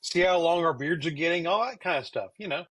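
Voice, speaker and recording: A man's voice: a little high, fast talker, fairly bright tone, breathy edge. A middle-aged man co-hosting a podcast in casual chat, laid-back and stammering on his words. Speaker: podcast co-host.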